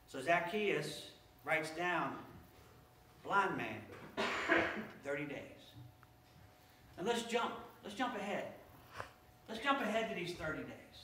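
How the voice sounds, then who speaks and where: A male pastor telling a story in a sermon, animated and repeating his words as he goes. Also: sits high, a little slow, noisy background. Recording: echoey church from far off.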